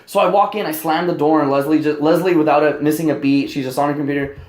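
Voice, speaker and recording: A man's voice: fairly high pitch, steady tone, fast, darkish tone. A man co-hosting a podcast, telling a story in casual, profane chat and acting out quotes in raised, heated voices. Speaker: podcast co-host. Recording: roomy echo.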